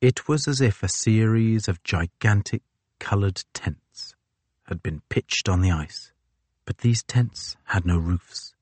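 Guy reading an audiobook, lowish voice, dry close sound, slow careful storytelling. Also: darkish tone, dry recording. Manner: measured, descriptive storytelling. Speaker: narrator. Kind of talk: audiobook narration.

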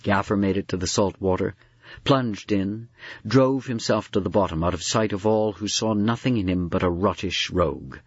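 Low, husky male storyteller. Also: no echo, muffled recording. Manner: measured, dramatic storytelling. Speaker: narrator. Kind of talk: storybook reading.

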